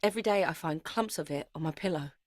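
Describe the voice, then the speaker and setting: A woman's voice: sits low, fast, dry recording, clean studio sound, lightly acted. An actress playing a young woman playwright who narrates her life in an intense, confessional voice. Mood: weary. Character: young woman playwright, anxious, grieving and bitter. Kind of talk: dramatic first-person narration.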